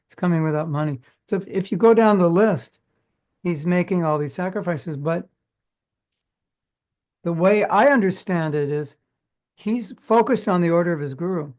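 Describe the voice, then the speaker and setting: A man's voice: high voice, normal speed, long pauses, darkish tone. An older man giving an informal spiritual class, talking conversationally, acting out imagined dialogue and asking his listeners questions. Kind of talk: informal sermon. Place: class at a community temple.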